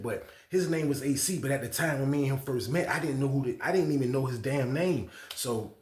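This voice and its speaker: Man from Virginia, mid pitch, rambling slangy storyteller, echoey room. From Norfolk, Virginia. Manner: rambling, slangy, keeps asking "you know what I mean". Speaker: storytime channel host. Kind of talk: casual storytime. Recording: roomy echo.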